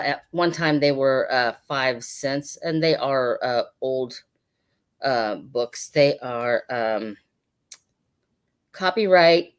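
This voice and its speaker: Low-voiced woman hosting a chatty sale. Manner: chatty, rambling, with many fillers. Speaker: online sale host. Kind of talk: casual live sale patter.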